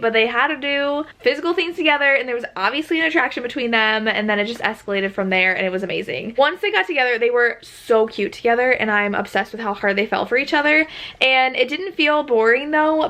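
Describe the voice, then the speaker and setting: A woman's voice: on the high side, sharp tone. A young woman chatting casually in a reading vlog, gushing with enthusiasm and filling her talk with "like". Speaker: book vlogger.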